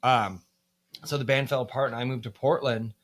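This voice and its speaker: A man's voice: medium pitch, fairly even intonation, normal speed. An American man, a band musician, telling stories in a casual podcast interview, candid and profane, with plenty of fillers. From United States.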